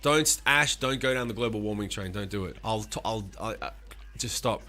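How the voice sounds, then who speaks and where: A man in his forties, a musician streaming live, talking casually with animated, profane rants and answering chat. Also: lowish voice, normal speed, soft background music.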